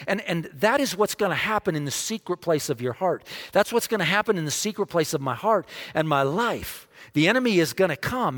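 A man preaching a sermon, dramatic, dropping almost to a hush to stress a point. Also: fairly high pitch, animated, a little fast, few pauses. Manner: dramatic, drops to a near hush for emphasis. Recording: long hall reverb.

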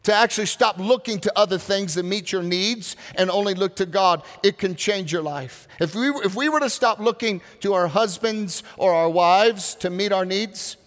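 A man preaching a sermon as pastor, earnest, slowing down to stress key words. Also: high-pitched, a bit bright. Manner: earnest preaching with slow, drawn-out emphasis. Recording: reverberant hall.

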